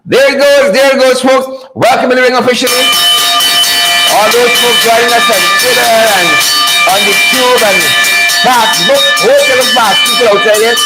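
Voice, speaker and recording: Male livestream host, high voice, teasing, repetitive. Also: rough recording. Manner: playful, teasing, repetitive, laughs often. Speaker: online show host. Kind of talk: casual live-stream talk.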